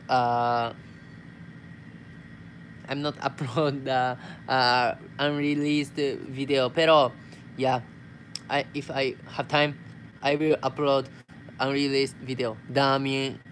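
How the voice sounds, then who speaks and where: A young Japanese man with a Japanese accent takes his time, reading viewer comments aloud at an unhurried pace on a casual live stream. His voice sits in an ordinary middle range for a man. He answers in simple English mixed with Tagalog words, over a faint hiss of background noise. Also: medium pitch, steady tone, a bit bright. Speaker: vlogger.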